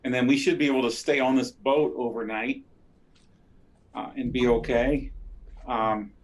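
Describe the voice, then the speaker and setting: Man, player, methodical questioner, middle pitch. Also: steady tone, moderate pace, rough recording. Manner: methodical, asks pointed questions. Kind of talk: casual tabletop play.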